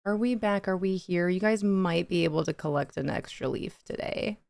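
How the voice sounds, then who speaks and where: A woman's voice: fairly low pitch, moderate pace, vocal fry, darkish tone, dry recording, studio quality. A young woman hosting a cozy game livestream, chatting with her viewers, reading their messages aloud and laughing often. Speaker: livestream gaming host. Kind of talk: casual chat with live chat.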